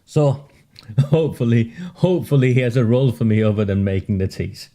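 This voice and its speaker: A man's voice: mid-range voice, a little fast, mellow. A man addressing supporters in an informal speech, chatty and joking, with self-deprecating asides.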